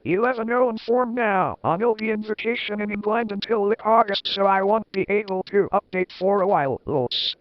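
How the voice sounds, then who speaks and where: A man's voice: high-pitched, normal speed, few pauses, dry recording, close to an everyday voice. Man doing a squealing teen girl author. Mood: giddy. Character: gushing teenage girl fanfic author. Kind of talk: comic dramatic reading. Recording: dull, lo-fi dry recording.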